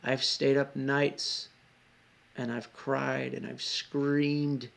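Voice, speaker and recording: Brief: rambling confessional vlogger, man, very gravelly voice, lots of swearing. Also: medium pitch, level tone, extremely slow. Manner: rambling, heavy swearing, frequent asides. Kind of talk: confessional storytelling vlog.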